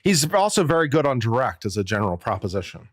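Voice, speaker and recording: A man's voice: medium pitch, sing-song, quick pace, no echo. Chatty man musing on a live stream. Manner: chatty, jokey, muses aloud and repeats himself. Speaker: attorney commentator. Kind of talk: casual live-stream commentary.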